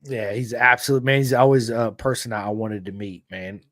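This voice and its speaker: A man hosting a podcast, talking in a relaxed, reflective casual chat. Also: mid-range voice, normal speed, no room sound, studio quality.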